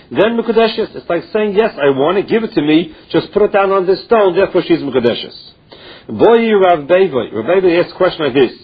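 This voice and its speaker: A man's voice: sits high, slightly rough. A man teaching a Talmud class, reading Aramaic phrases and explaining each one in plain English. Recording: dull lo-fi recording.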